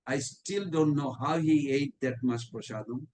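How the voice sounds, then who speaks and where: Brief: man with a high voice, devotional class speaker, chuckling storyteller. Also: unhurried, darkish tone. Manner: informal non-native English phrasing. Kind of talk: anecdotal devotional class talk.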